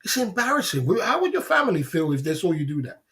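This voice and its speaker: A man's voice: sits high, sing-song, fast talker, a bit bright. A middle-aged man, hosting a livestream and lecturing his viewers bluntly in a casual, repetitive way. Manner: blunt and lecturing, repeats "you know what I'm saying". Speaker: livestream host.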